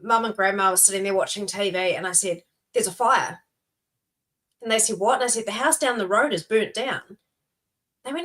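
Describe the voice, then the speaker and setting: A woman's voice: medium pitch, brisk, fairly bright tone. New woman recalling a childhood story. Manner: recounts a childhood memory, quoting family members. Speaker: podcast co-host. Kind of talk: casual storytelling chat.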